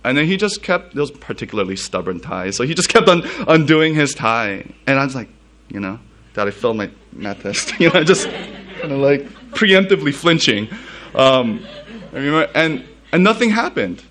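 A man's voice: a little high, sing-song, moderate pace, a bit bright, a little hiss or hum. A man from the United States, a pastor giving a sermon in a casual storytelling way, full of fillers and laughs.

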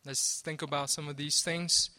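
A man's voice: fairly high pitch, little pitch movement, normal speed, sharp tone. A man preaching a sermon, conversational, often checking in with "right?" and restarting his sentences. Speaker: pastor.

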